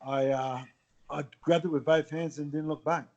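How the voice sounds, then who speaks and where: A man's voice: on the high side, fairly even intonation, moderate pace, darkish tone, lo-fi sound. A middle-aged man with an Australian accent, telling his story as a podcast guest in a candid, blunt way with some swearing. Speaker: guest, former athlete. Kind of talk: casual podcast chat.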